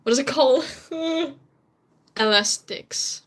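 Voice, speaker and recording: A woman's voice: mid-range voice, fairly even intonation, normal speed, a bit bright. A young Dutch woman, whose first language is Dutch, chatting casually with viewers on a stream, laughing often and sometimes searching for English words. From Netherlands.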